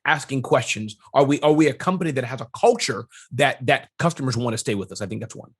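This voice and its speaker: A middle-aged man, an entrepreneur guest, talking business advice in an energetic, emphatic way and ticking off numbered points. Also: medium pitch, fast, slightly rough. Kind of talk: casual business interview.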